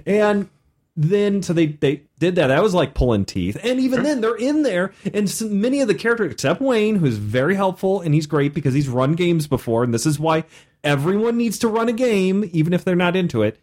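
A man hosting a podcast in casual chat, animated as he tells stories of running a game and acts out his players. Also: high voice, normal speed. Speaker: podcast host and game master.

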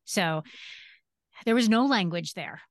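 A woman's voice: medium pitch, expressive, slow, no echo, studio quality. A woman in her fifties, a guest on a podcast, telling her personal story earnestly and emphatically, repeating key phrases. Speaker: podcast guest and disability advocate. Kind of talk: casual interview storytelling.

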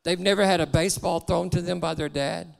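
A man's voice: high-pitched, fairly even intonation, brisk, creaky, in a large hall. A man preaching a sermon in church, earnest and exhorting.

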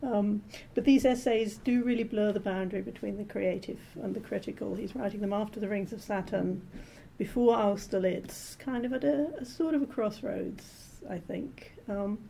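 A woman translator being interviewed, explaining her work in a measured, thoughtful way with frequent pauses and ums. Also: mid-range voice, vocal fry, dark tone, slight background noise. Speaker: literary translator, interview guest. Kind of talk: thoughtful academic conversation.

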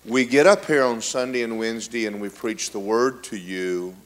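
A man's voice: mid-range voice, moderate pace. A male pastor adding his own story to the congregation in a plain, matter-of-fact way. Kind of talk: sermon.

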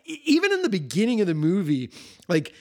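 A man with a slightly higher voice co-hosts a casual podcast. He talks in a laid-back, amused way and often laughs between his thoughts. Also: huge pitch swings, a little fast, a little mellow. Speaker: podcast co-host. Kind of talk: casual film discussion.

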